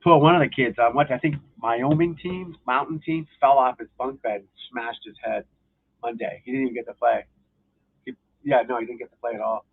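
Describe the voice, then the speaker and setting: A man with a gravelly, rough-edged voice chats loosely and profanely on his own live stream, wandering from sport to sport. The sound is thin and tinny, as if it came over a phone line. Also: medium pitch, brisk. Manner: loose, profane, talking to viewers while flipping channels. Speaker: golf instructor hosting a live stream. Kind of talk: casual rambling live-stream chat.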